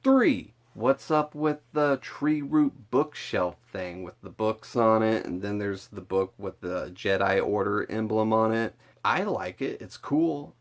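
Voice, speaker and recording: A man vlogging casually to camera, excitable and rambling, with lots of swearing and filler words. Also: on the low side. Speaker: vlogger reviewing a film trailer.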